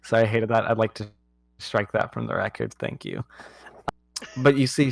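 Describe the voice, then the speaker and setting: A man's voice: medium pitch, normal speed, vocal fry, no echo. A man narrating a tabletop game as game master in a laid-back, playful way.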